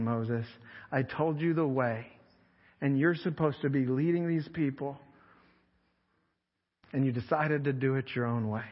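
A man voicing God as a stern, disappointed figure in a slow, lowered voice. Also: natural voice. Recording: echoey hall, slightly dull sound.

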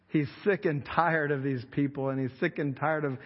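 A male pastor preaching a sermon in a conversational, emphatic storytelling way in a church hall. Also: fairly high pitch. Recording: echoey hall, slightly dull sound.

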